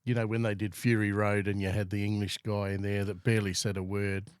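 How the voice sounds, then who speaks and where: An Australian man in easygoing podcast chat, blunt and a bit crude. His voice is on the low side, and the close mic makes it dry. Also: little pitch movement, fairly quick, smooth, no room sound. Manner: blunt, swears casually. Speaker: podcast co-host. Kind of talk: casual chat.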